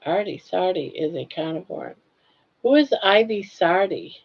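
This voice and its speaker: An older woman hosts a relaxed live chat, talking slowly and drawing out each viewer's name with folksy friendliness. Her voice has a gravelly, fry-tinged edge. The stream audio sounds a little dull and lo-fi. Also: lowish voice. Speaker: livestream host. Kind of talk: casual live chat, reading viewer comments.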